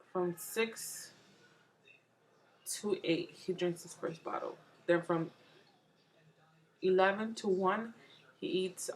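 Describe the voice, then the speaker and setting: A woman's voice: on the low side, rough recording. A young woman from New York, a mom vlogger, rambling casually to the camera with lots of fillers and restarts.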